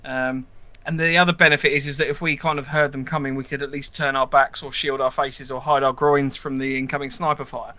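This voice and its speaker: Bright-voiced man, chatty. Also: medium pitch, little pitch movement, a little fast, hardly any pauses. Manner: chatty and laughing, self-mocking. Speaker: podcast co-host. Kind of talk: casual podcast chat.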